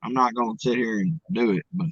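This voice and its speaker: A man's voice: medium pitch, expressive, brisk, fairly bright tone, slightly rough, dry recording, dull audio. A man from Arkansas with a Southern accent, a guest talking in a folksy, earnest way. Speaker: guest, coach. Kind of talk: casual interview talk.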